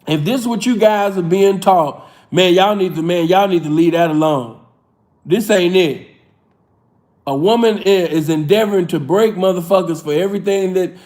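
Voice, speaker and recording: High-voiced streetwise male streamer. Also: a little mellow. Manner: streetwise, preachy, drawn-out emphatic delivery. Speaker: livestream reaction host. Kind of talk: casual reaction commentary.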